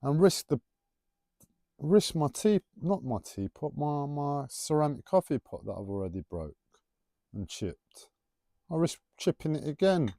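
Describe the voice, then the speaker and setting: A man rambling through a casual spiritual musing, his pitch rising and falling a lot as he teases. His voice is mellow and soft-edged, and the recording is dry and close. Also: sing-song, measured pace, creaky, no room sound. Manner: playful, rambling, teasing. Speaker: livestreamer.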